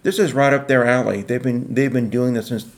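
An older man in his sixties co-hosting a casual podcast. His pitch sits in the middle of the range, and he leans hard on key words, slowing down to drive each point home. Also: fairly even intonation. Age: 60s. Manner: measured, drawn-out emphasis on key words. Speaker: podcast co-host. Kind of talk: casual political chat.

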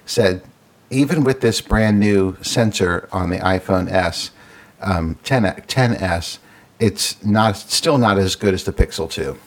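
A man's voice: low voice, slow pace. A man co-hosting a casual tech chat, explaining details and reading them out. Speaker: podcast co-host.

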